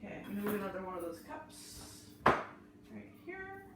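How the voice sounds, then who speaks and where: A woman hosts a live cooking class, chatting through each step as she chops and prepares food in a kitchen. Her medium-pitched voice is very animated at a moderate pace. The room is very echoey, the mic is far off, and the background is noisy.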